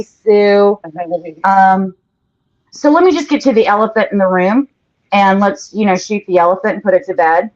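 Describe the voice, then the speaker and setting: A woman's voice: mid-range voice, a little mellow. A woman hosts a live painting show, chatting casually and reading out viewer comments as she works. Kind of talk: casual livestream chat while painting. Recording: dull lo-fi livestream audio.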